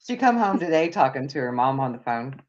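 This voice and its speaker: A woman's voice: rumbling low, very animated, a little fast. A woman hosting a casual live chat, telling rambling stories with frequent restarts and laughs. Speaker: podcast host. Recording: muffled lo-fi audio.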